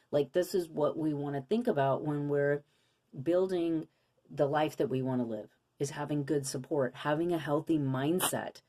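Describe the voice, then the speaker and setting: A woman's voice: deep voice, dark tone. A woman giving a casual spiritual card reading to her viewers, earnest and coaching, with many rhetorical questions. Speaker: intuitive card reader.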